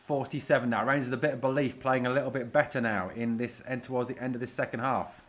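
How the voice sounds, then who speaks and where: Chatty fan calling a live match. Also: male voice, medium pitch, quick pace. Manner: chatty, reads out viewer comments, excitable on attacks. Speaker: fan watch-along host. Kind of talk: casual live match commentary.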